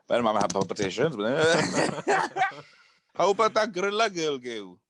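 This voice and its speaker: A young man in his twenties, joking around and rushing his words while chatting with friends on a podcast. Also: fairly high pitch, huge pitch swings, a bit bright. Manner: playful, jokey, rushes his words. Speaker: podcast co-host. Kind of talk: casual chat among friends.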